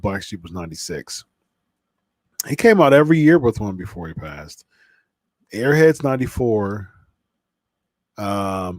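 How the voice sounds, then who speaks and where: A podcast host with a fairly low, slightly mellow voice chats casually on a live podcast stream, with no echo on the recording. He rambles, full of fillers and restarts, and sounds a little stuffy from a cold.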